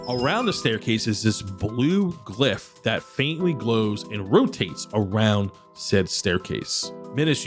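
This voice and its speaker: A man narrating a tabletop game as dungeon master, describing scenes at length. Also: mid-range voice.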